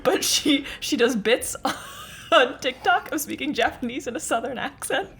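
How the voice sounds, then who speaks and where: A woman's voice: high voice, expressive, moderate pace, fairly bright tone, slight background noise. A woman co-hosting a podcast, reacting playfully and laughing a lot. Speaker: podcast co-host. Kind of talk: casual chat.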